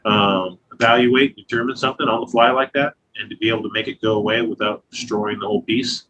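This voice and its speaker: A man's voice: lowish voice, steady tone, fast talker, bright, forceful tone, poor audio. A man in his thirties, a glass artist, talking casually and profanely in an interview, telling stories with lots of filler phrases. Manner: profane, loose, storytelling with acted quotes.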